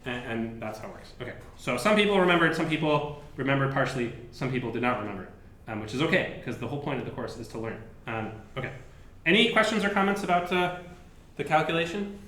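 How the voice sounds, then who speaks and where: A male professor explains a topic to his class in a relaxed, conversational way. He fills his talk with "like" and "um" and often restarts his sentences. His mid-range voice rings out in an echoey lecture room. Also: mid-range voice, quick pace. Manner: casual, chatty explaining with many fillers. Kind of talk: university lecture. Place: lecture hall.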